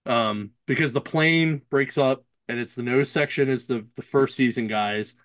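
A man's voice: mid-range voice, moderate pace, fairly bright tone, no echo. A man co-hosting a podcast, telling a rambling story in casual chat and acting out the people he quotes. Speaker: podcast co-host.

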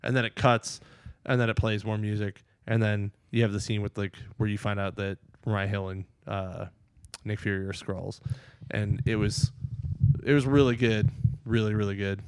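A man chatting casually, recapping a movie in an excited, rambling way and acting out the characters' lines. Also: on the low side, normal speed, clean tone. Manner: excited, rambling, acts out quotes.

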